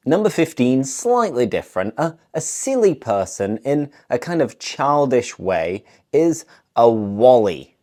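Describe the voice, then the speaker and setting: A British woman teaching English slang at an easy, unhurried pace. Her voice sits low and mellow. She explains each word playfully, with a lively rise and fall as she models the phrases. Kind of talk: scripted language lesson to camera.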